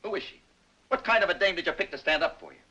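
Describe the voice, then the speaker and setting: A middle-aged actor playing a tough, stubborn police captain who presses hard and talks forcefully. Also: male voice, sits high, expressive, husky, muffled recording, exaggerated voice. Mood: interrogating. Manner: forceful, pressing, rapid interrogator.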